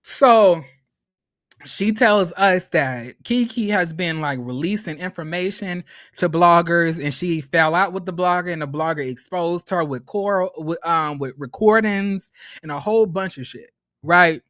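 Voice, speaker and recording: A man with a high, lively voice recaps a reality show. He swears freely and stammers through restarts as he tells the story. The recording is dry and close-up. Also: a little slow, no echo. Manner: animated, profane, stammering restarts. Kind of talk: casual profane recap commentary.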